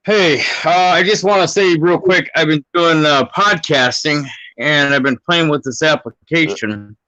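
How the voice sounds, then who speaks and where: A man's voice: on the high side, a little slow, pushed and bright, dry recording. Congested, coughing man, dry lo-fi audio. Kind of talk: casual chat.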